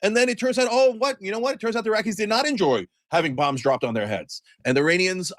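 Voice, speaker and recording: A man's voice: sits high, fast, a bit bright, no echo. A man delivering heated, sarcastic political commentary as the host of a talk show, ranting with emphasis.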